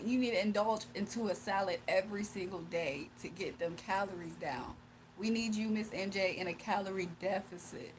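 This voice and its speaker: A woman's voice: mid-range voice, moderate pace, a little hiss or hum. A young woman chatting casually on a livestream, reading chat aloud, laughing often and teasing her viewers. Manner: playful, teasing.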